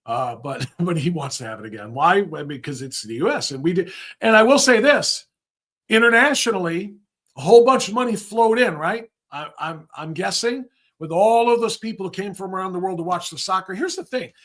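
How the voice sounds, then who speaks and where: Man, host, sarcastic rant, slightly high voice, rambling. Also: animated, fairly quick, a bit bright. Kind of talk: livestream political commentary.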